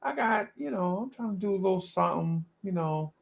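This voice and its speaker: A man imitating a laid-back young male rapper who drawls out evasive excuses with a soft, gritty mumble. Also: sits high, expressive, fairly quick, creaky, dull audio, voice pushed up. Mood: mumbling excuses. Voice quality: soft gritty mumble, grit at line ends.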